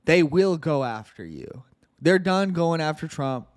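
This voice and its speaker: A man hosting a political podcast, reading news excerpts quickly and answering them with sarcastic commentary. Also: a little high, lively intonation. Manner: sarcastic, reads news quotes aloud fast. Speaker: podcast host.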